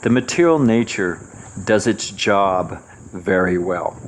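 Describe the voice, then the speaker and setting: A man in his sixties giving a devotional class, an animated storyteller who swings his pitch and chuckles between points. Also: slow pace, a little hiss or hum. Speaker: spiritual teacher.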